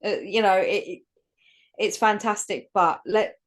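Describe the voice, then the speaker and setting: A woman's voice: mid-range voice, measured pace. A woman co-hosting a casual podcast chat, opinionated and sweary. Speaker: podcast co-host.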